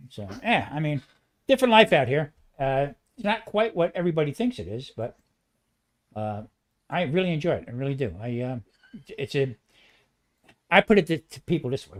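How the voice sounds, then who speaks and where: Guy, retired chef, rambling excitable storyteller, voice sits a bit high. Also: moderate pace, long pauses. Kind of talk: casual chat.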